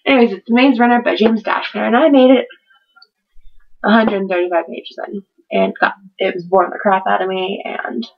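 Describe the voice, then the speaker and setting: A teenage girl vlogs at home, rambling to camera about her books in a hyper, giggly way. Her medium-pitched voice moves at normal speed with vocal fry, long pauses and slight roughness, caught on dull lo-fi webcam audio.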